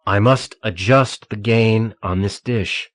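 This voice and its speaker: A man voicing a calm male assassin posing as a technician, speaking evenly in an audiobook. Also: on the low side, slow pace, dry recording, studio quality. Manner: calm, feigning a plain American voice.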